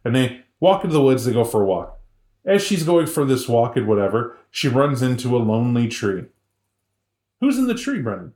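A man co-hosting a podcast, retelling a tale in a casual, animated, joking way. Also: mid-range voice, normal speed, roomy sound. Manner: animated, joking, full of voices. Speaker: podcast co-host. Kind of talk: casual storytelling chat.

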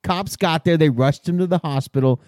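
A man's voice: fairly high pitch, fairly quick, darkish tone, dry recording, clean studio sound. A man co-hosting a crude casual chat, swearing constantly and joking as he tells news stories. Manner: profane, joking, storytelling. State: shivering from cold. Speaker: podcast co-host. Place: outdoors in the cold.

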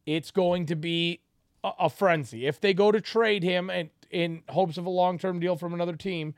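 High-voiced man breaking down football. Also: steady tone, moderate pace, no room sound, clean studio sound. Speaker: sports podcast co-host. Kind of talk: casual sports debate.

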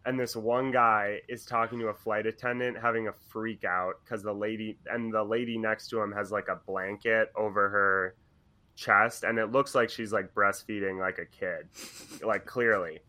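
A young man chats casually on a podcast, his voice bright and forward. He retells stories animatedly, jumping into the voices of the people he quotes. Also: lowish voice, moderate pace. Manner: animated storyteller acting out quotes. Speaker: podcast co-host. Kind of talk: casual chat, retelling a story.

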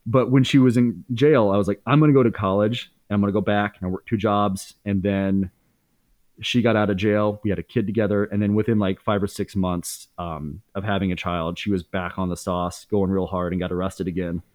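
A man's voice: on the low side, fairly even intonation, a little fast, a little mellow, no room sound. A man in his thirties as a podcast guest, candidly telling a story in casual speech, swearing freely with many fillers and restarts.

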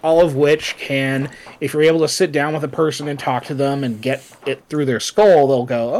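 Reading from his notes, a male podcast co-host chats loosely, full of fillers and side comments. He has a mid-range, slightly mellow voice that stays steady, at a normal pace with few pauses.

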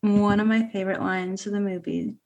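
A woman co-hosting a casual film discussion, relaxed, often chiming in with short agreement. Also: medium pitch, fairly quick, vocal fry, dull audio, soft background music. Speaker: podcast co-host.

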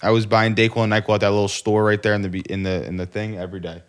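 A man co-hosting a podcast in casual chat, excitable and laughing often. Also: lowish voice, rapid-fire, clean tone. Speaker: podcast co-host.

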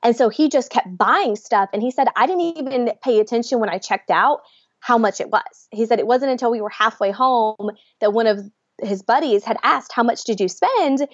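Podcast guest, woman, bright-pitched storyteller, dull dry recording. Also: normal speed, no room sound. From Georgia, US. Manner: animated, laughs often, acts out quotes. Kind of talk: storytelling in a casual interview.

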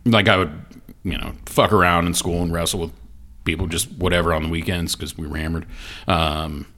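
A man's voice: low-pitched, steady tone, a little fast, a bit bright. A man from Ohio co-hosting a podcast, joking and laughing through casual banter with plenty of swearing. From Ohio, Columbus area. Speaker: podcast co-host.

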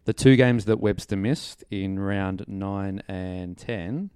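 Smooth low-voiced man from New Zealand. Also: a little mellow, dry recording, clean studio sound. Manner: measured, quotes stats. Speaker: podcast co-host. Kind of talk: casual fantasy sports analysis.

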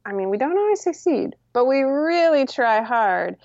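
A woman who designs sewing patterns, chatting casually as a guest in an interview, talking in quick bursts with lots of fillers. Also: high voice, sing-song, a little mellow, no echo, highs cut off.

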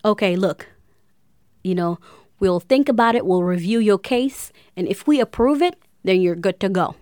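A young woman telling a personal story, halting often with fillers and getting emotional. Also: on the low side, darkish tone, no room sound, clean studio sound. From grew up in a refugee camp.

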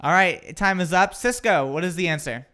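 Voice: mid-range voice, moderate pace, sharp tone. A quiz host reading out multiple-choice answers and laughing often in a casual chat. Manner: upbeat, laughs often, reads answer options. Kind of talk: casual radio quiz hosting.

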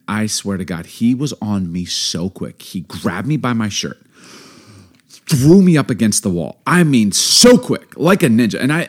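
A middle-aged man co-hosting a podcast, telling a story in casual chat, animated and emphatic, laughing often. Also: fairly low pitch. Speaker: podcast co-host.

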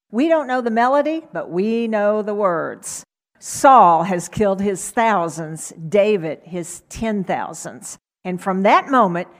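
Middle-aged woman telling a bible story, gentle, takes her time. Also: medium pitch. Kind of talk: storytelling sermon.

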